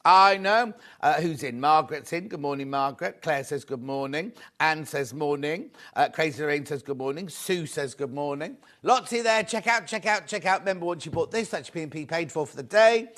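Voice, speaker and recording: A man's voice: on the high side, a little fast, few pauses, a bit bright. A man presenting a live shopping show, upbeat and chatty, greeting viewers by name as he sells fabric.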